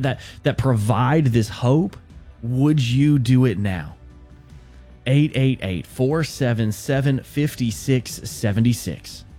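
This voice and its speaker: A man hosting a radio fundraising appeal, speaking earnestly and haltingly, with frequent restarts. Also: medium pitch, dark tone. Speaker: radio host.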